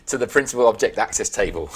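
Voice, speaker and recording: A man with an English accent, chatting casually as a podcast guest, quick to laugh and trailing off mid-sentence. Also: fairly low pitch, animated. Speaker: guest developer.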